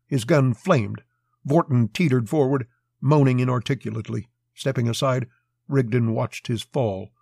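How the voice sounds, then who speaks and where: A man narrating a western story as an audiobook, in a steady, measured telling. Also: mid-range voice, husky, no room sound, clean studio sound.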